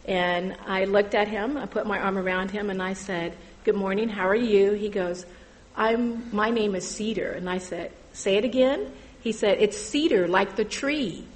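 A middle-aged woman giving an earnest personal testimony about volunteering at church, halting and full of fillers. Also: mid-range voice, slight background noise, poor audio.

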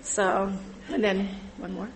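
A middle-aged woman giving an earnest personal testimony about volunteering at church, halting and full of fillers. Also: medium pitch, fairly even intonation, slight background noise, rough recording.

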